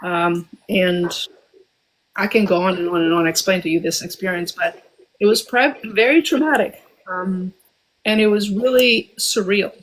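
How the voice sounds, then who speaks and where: A woman in her forties from Albania, telling a personal story as a guest, reflective and often pausing with ums and restarts. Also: mid-range voice, a little hiss or hum, poor audio.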